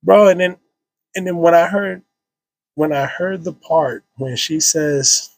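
Man, 30s, podcast guest, emotional storytelling, husky tone, dry close sound. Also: on the high side, measured pace, dry recording. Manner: casual, heavy slang, many restarts and fillers.

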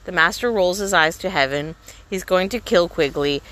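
A woman reading a story aloud with steady, measured narration. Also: fairly low pitch. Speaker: reader.

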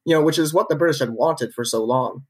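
Talking fast in a fairly high-pitched voice, a podcast co-host narrates a history story. His delivery is casual and conversational, packed with fillers and restarts.

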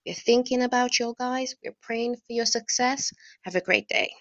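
A woman's voice: on the high side, moderate pace, fairly bright tone, no room sound. A woman fan recording an earnest, encouraging message of support. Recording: dull lo-fi home recording.

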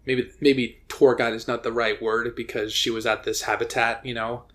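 A man's voice: mid-range voice, level tone, moderate pace, a bit bright. A man co-hosting a podcast, telling a story in casual chat, rambling with fillers and restarts. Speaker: podcast co-host.

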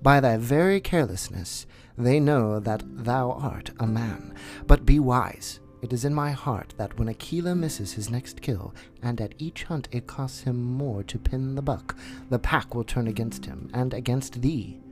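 A man voicing a wise, protective male black panther with a slow, deliberate, tender delivery in a storybook reading. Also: mid-range voice, darkish tone, faint music behind, close to an everyday voice. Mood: earnest.

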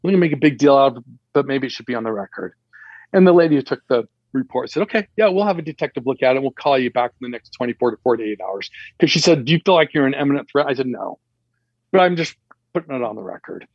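Husky man telling a lively story. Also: mid-range voice, fast, no echo, lo-fi sound. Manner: animated, acts out the dialogue in raised voices. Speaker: guest telling a personal story. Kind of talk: casual anecdote.

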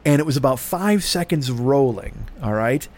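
A man's voice: medium pitch, animated, moderate pace, darkish tone. Rambling, swearing middle-aged man. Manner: rambling, sardonic storytelling, heavy swearing. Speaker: podcast host. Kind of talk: casual profane monologue.

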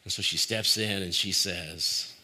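A man with a lowish voice and a bright, forceful edge gives a reflective devotional talk. He speaks conversationally and searchingly, circling back on his own phrases and turning to the listener with direct questions. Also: a little slow. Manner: conversational and searching, with frequent restarts.

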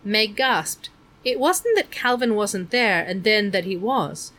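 A woman narrating an audiobook in a middle pitch. Her reading is measured and expressive throughout.

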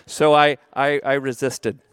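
A middle-aged man preaching a sermon, telling a story in a conversational, expressive way and slowing down for emphasis. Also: medium pitch, clean tone, no echo, studio quality. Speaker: pastor.

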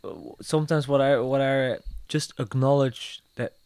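A man's voice: medium pitch, steady tone, normal speed, darkish tone, smooth, dry recording. A man in casual chat who talks reflectively and agrees often. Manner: agreeable, reflective, many yeahs and restarts.

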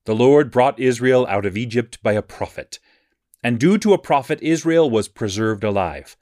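A man giving a measured, scripted reading of Bible passages. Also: medium pitch, dry recording, clean studio sound. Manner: measured, even reading cadence. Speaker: scripture reader.

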